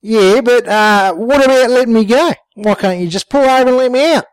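A man's voice: very high voice, a little fast, smooth, no echo, voice pushed up. A man voicing a brash, foul-mouthed young woman who whines and protests. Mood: indignant. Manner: whiny and indignant, heavy swearing.

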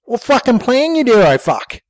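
Man putting on Sheila, a shrill foul-mouthed woman. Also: very animated, moderate pace, dry recording. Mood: indignant. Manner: whiny and indignant, heavy swearing.

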